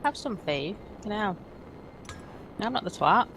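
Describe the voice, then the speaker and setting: A woman's voice: medium pitch, animated, unhurried, vocal fry, fairly bright tone, a little hiss or hum. A woman playing a co-op game alongside a streamer, bantering playfully from slightly away from the mic. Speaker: co-op gaming partner. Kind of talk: casual gameplay chat.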